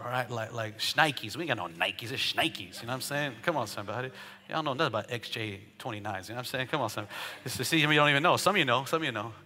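A man preaching a sermon as a pastor, chatting and joking with the congregation before building up to loud, rhythmic declarations. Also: mid-range voice, a little hiss or hum. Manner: conversational preaching with jokes, rising to shouted declarations.

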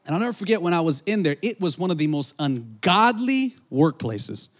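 A male pastor delivers a sermon in a lively storytelling way. His voice sits a bit high, and he calls out to the congregation between stories. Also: brisk. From Southern California. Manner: animated storytelling, acting out voices, calls to the crowd.

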